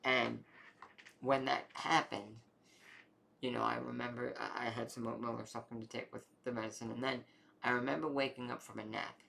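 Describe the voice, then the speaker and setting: A young adult man casually telling a long personal health story, rambling and animated, with many fillers. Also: mid-range voice, normal speed, creaky, slight background noise.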